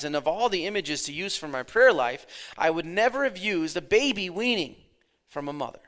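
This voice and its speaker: A pastor in his thirties giving a conversational sermon, dropping his voice low and then swelling for emphasis. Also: animated, normal speed, a bit bright.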